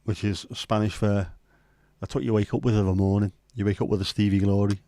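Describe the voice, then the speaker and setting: A man from northern England rambles through a casual livestream, full of sweary banter and jokes. His voice sits on the low side. The sound is dry, with no room echo. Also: little pitch movement, a little fast, dark tone. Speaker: livestream host.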